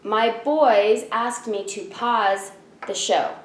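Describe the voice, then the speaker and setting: A woman's voice: on the high side, takes it slowly, echoey room. A woman teacher in her thirties giving a spelling lesson from home, patiently sounding out each letter.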